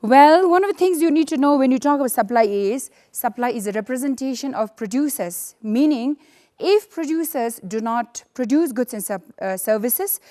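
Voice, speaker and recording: Female teacher from Bhutan, high pitch, patient lesson delivery with repeated fillers. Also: lively intonation, warm tone. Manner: explains slowly with many fillers and repetitions. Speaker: economics teacher. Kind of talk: recorded classroom lesson.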